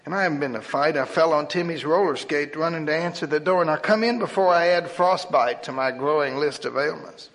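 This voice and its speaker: A man's voice: fairly high pitch, a little fast, hardly any pauses, fairly bright tone. A man voicing an injured male pastor who pleads in a quivering voice, as a storyteller reads a tale aloud. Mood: exasperated. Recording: long hall reverb.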